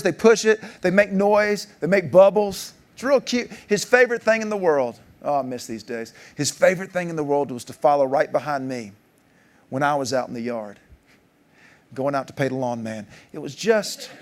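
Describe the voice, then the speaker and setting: A man in his forties tells stories from the stage of a conference keynote. His voice sits a little high and leaps even higher for punchlines, with an easy, jokey storytelling manner. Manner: animated, jokey storyteller, pitch jumping up for punchlines. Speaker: keynote speaker. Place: large conference hall.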